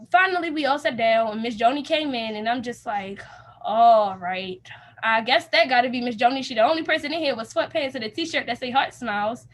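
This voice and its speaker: Young woman, high voice, casual storytelling, animated, acts out quotes. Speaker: youth program participant.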